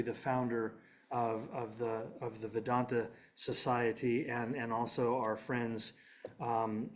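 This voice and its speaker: A middle-aged man lecturing to an audience in an easy, conversational way. He pauses on fillers and restarts his phrases. His voice sits at an ordinary pitch for a man. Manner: conversational, self-deprecating, with frequent fillers and restarts. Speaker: philosophy lecturer. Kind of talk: public talk with slides.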